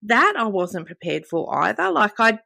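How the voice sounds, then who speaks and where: A woman's voice: medium pitch, moderate pace, gravelly, no room sound. Candid woman in her fifties. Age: 50s. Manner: candid, animated storytelling with quoted dialogue. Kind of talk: casual podcast conversation.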